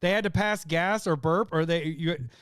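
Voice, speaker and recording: A man co-hosting a podcast, telling a story in casual chat, laughing often and putting on loud voices of his friends. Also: a little high, normal speed, clear, resonant tone, no room sound, studio quality. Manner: laughing, animated storyteller who shouts impressions of friends. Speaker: podcast co-host.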